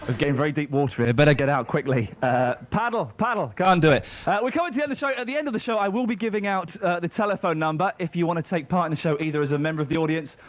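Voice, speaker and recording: A young British man hosting a stand-up comedy show, joking between acts and shouting the introductions. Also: on the high side, rapid-fire, few pauses. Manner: jokey, excitable, shouts the introductions. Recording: noisy 1990s TV broadcast. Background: studio audience laughter.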